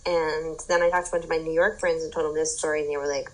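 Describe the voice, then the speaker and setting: A young adult woman telling an animated story in casual chat, with lots of fillers and swearing. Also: low voice, rapid-fire, low-quality recording.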